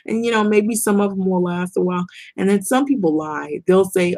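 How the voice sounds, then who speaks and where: A woman's voice: mid-range voice, fairly quick, darkish tone, slight background noise. A middle-aged woman talking bluntly and rambling in a casual vlog monologue, swearing and laughing often. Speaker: vlogger.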